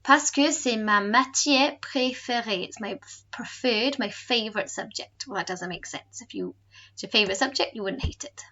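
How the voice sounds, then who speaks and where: Bright-voiced woman teaching a lesson. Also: fairly high pitch, normal speed, lo-fi sound. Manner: clear, patient explaining. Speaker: French teacher. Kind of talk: recorded home lesson.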